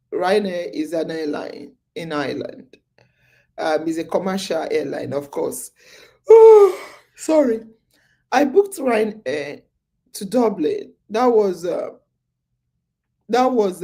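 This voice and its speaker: Sleepy, chatty woman with a mellow voice. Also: lowish voice. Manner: chatty storytelling, repeats phrases, many fillers. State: sleepy, yawning. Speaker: podcast host. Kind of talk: casual live-stream chat.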